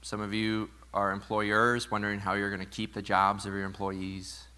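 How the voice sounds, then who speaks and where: Bright-voiced pastor telling a family story. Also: male voice, fairly low pitch, monotone, moderate pace, smooth. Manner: conversational and storytelling, playful asides, drops softer for reflective points. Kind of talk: sermon. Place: church sanctuary with live congregation.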